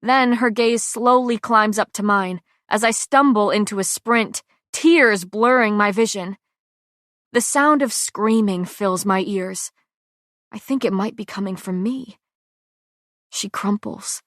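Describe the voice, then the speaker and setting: A woman narrating a fantasy audiobook in the first person, measured and dramatic. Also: mid-range voice, fairly bright tone, dry recording, studio quality.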